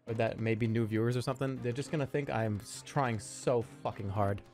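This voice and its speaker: A man's voice: medium pitch, fairly even intonation, fairly quick, darkish tone, faint music behind. A man streaming live, talking casually in a rambling, self-mocking way.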